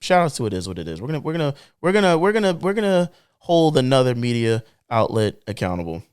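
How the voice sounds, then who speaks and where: A young man co-hosting a podcast, talking in an emphatic, animated way that swings between low drawn-out remarks and excited bursts. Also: smooth. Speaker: podcast co-host. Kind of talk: casual podcast commentary.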